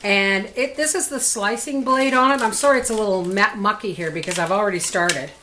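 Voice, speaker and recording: A woman's voice: medium pitch, brisk, sharp tone, a little hiss or hum. A homestead vlogger, a woman with an everyday mid-range voice, chats her way through a kitchen demonstration. She has a folksy, easygoing manner and narrates each step as she works.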